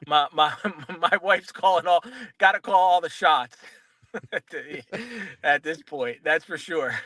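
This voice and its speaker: A man talking sports on the radio as a guest writer, calling in from a car, animated and laughing often as he mimics others. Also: a little high, slow. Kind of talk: casual sports radio chat.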